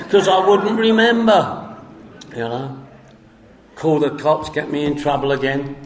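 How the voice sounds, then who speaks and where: A man's voice: sits high, roomy sound. An older man from England with a London accent, giving a rambling personal testimony at a recovery meeting. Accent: London English. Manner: rambling storyteller, acts out both sides of a phone call.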